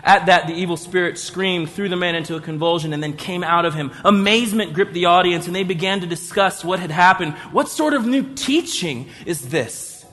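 A man preaching a sermon in an animated way, acting out the people in his story. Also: high voice, brisk, few pauses. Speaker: pastor. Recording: long hall reverb.

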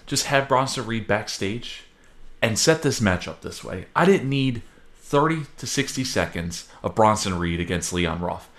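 A man with a lowish, fairly bright voice co-hosts a casual wrestling podcast. He offers opinionated takes, stressing his points with exasperated emphasis.

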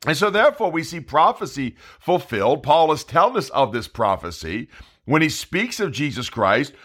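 Male preacher, slightly high, animated voice, emphatic verse-by-verse sermon. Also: normal speed. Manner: preaching, reading scripture aloud with emphasis. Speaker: evangelist preacher. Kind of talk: Bible study sermon.

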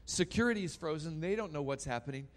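A man preaching a sermon, telling a story dramatically and swinging between loud and hushed. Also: a little high, lively intonation, fast.

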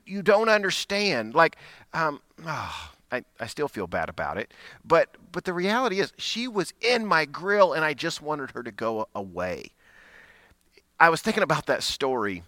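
Bright, crisp-voiced man preaching. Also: medium pitch, no echo. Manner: conversational storytelling, self-deprecating, frequent restarts. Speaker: pastor. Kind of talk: sermon with personal story.

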